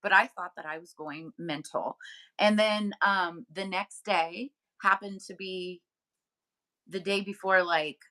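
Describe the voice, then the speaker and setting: A woman's voice: on the low side, steady tone, slow pace, pushed and bright. A woman co-hosting a casual talk show, telling a personal story with lots of fillers and acting out the voices of people she quotes. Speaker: medium and podcast co-host.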